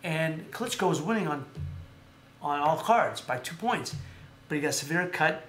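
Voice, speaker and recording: A man's voice: a little high, normal speed. A man hosting a casual live stream, telling rambling stories and often correcting himself. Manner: rambling, animated storytelling with self-corrections. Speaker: host. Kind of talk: casual live-stream chat about boxing. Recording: echoey room with faint background noise.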